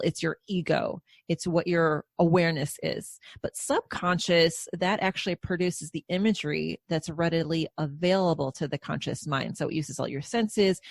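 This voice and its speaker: A woman hypnosis practitioner explaining her work in a calm, steady way as a podcast guest. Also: deep voice, creaky, dry recording. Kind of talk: podcast interview.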